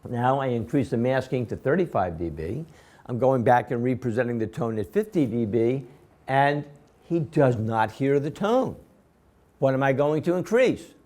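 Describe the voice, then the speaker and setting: A man's voice: mid-range voice, expressive, normal speed, a little mellow. A man teaching a class, walking through a procedure step by step and repeatedly quizzing his students with questions. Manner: step-by-step, repetitive explaining. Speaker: instructor. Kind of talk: classroom lecture.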